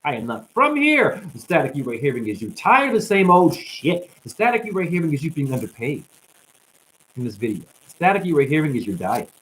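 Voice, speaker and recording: A man hosting a loose livestream, talking in a preachy, rambling way. His voice jumps from loud bursts down to low mutters. Crackling static runs under the whole recording. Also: very animated, brisk. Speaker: livestream host.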